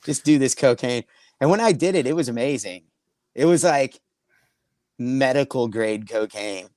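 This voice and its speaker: A man's voice: mid-range voice, animated, normal speed, darkish tone, no room sound. A middle-aged man casually telling profane, rambling anecdotes on a comedy podcast, often laughing as he talks. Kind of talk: casual storytelling chat.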